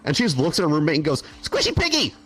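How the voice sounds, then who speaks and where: A young man co-hosting a podcast, telling a story in a casual, animated way, laughing often and swearing freely. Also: on the high side, very fast. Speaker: podcast co-host.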